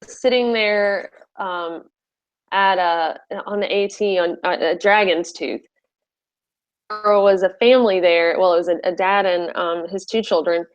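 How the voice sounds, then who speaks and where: A woman's voice: on the low side, steady tone, a little slow, clean tone. A woman hosting a casual interview, chatty, with many fillers and frequent laughter. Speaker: podcast host. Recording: slightly muffled recording.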